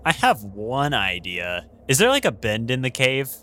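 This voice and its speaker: Lively bright-voiced male player. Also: medium pitch, moderate pace, a little hiss or hum. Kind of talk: casual tabletop banter.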